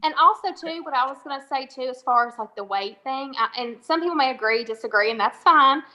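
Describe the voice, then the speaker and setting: Bright-voiced woman sharing her view. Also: high-pitched, lively intonation, brisk. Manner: thoughtful, hedging, circles back to her point. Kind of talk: casual panel discussion.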